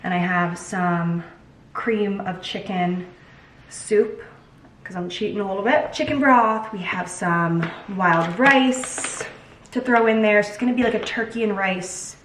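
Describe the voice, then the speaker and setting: A woman's voice: mid-range voice, moderate pace, reverberant, far from the mic, slight background noise, poor audio. A young woman vlogging casually from her home kitchen, bubbly and chatty, joking as she cooks. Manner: bubbly and chatty, jokes while cooking. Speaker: lifestyle vlogger. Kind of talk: casual vlog chat.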